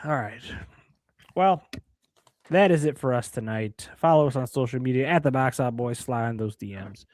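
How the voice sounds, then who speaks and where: A man's voice: medium pitch, normal speed, darkish tone, no echo, studio quality. A man co-hosting a sports podcast, talking in casual, laid-back banter with frequent chuckles. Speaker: podcast co-host.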